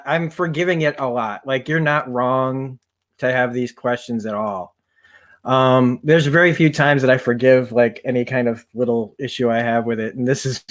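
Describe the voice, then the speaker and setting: Laid back guy chatting on a review podcast, lots of um and like. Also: medium pitch. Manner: easygoing, frequent ums and likes. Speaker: podcast co-host. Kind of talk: casual review chat.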